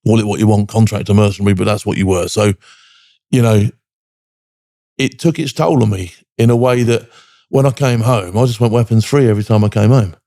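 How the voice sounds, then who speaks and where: Veteran guest, older than forty: rapid, gravelly, dark tone, blunt and profane. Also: male voice, on the low side, no room sound, studio quality. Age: 40s or older. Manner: blunt, heavy swearing, frequent "do you know what I mean". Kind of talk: candid podcast interview.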